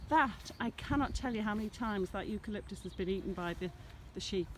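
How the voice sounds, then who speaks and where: This woman has a mid-range voice and talks a little fast, with a faint hiss or hum in the recording. She walks viewers around her smallholding in a relaxed vlog, rambling fondly about her animals while holding the camera on herself outdoors in a farm field.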